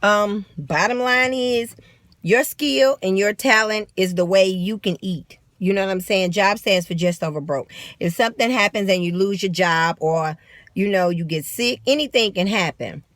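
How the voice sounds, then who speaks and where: A woman's voice: mid-range voice, moderate pace, a bit bright, dry recording. A woman with a St. Louis accent giving blunt, profane, emphatic motivational talk in a vlog, recorded on a phone. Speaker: vlogger.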